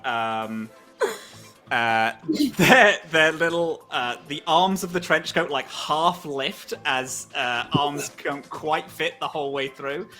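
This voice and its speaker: A man describes his character in a tabletop game, rambling and filling gaps as he goes. His voice is bright and sits a little high. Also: slow pace, faint music behind. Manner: rambling, many fillers, laughing. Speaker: player.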